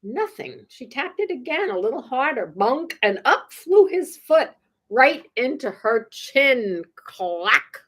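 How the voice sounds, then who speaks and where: Slow, husky woman reading to kids. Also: high voice, very animated, fairly bright tone. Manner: playful, chuckling, asks young listeners questions. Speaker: children's storytime reader. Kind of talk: reading a picture book aloud to children.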